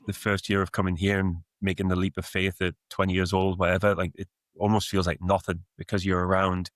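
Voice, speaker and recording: Man, softened Geordie accent, thirties, low voice, dry close sound, rambling and reflective. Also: little pitch movement, a little fast, no room sound. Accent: Geordie, softened by years in the US. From Newcastle, England. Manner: reflective, rambling with many fillers. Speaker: guest, football coach. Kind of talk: casual podcast interview.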